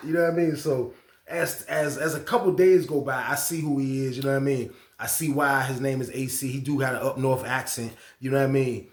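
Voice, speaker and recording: A man from Virginia hosting a casual storytime, talking in a rambling, slangy way that keeps checking in with the listener. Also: medium pitch. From Norfolk, Virginia. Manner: rambling, slangy, keeps asking "you know what I mean". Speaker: storytime channel host. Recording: roomy echo.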